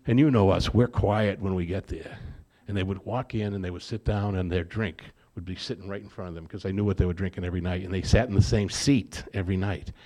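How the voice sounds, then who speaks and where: A man's voice: low-pitched, steady tone, fast, mellow. A man giving a personal testimony at a recovery meeting, plain-spoken, repeating phrases for emphasis and acting out what others said. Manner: storytelling with acted-out quotes.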